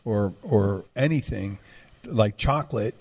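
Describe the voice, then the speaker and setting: A man's voice: lowish voice, expressive, slow pace, a little mellow, breathy edge. Rambling man. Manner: rambling, digressive, full of restarts. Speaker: podcast host. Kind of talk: casual chat.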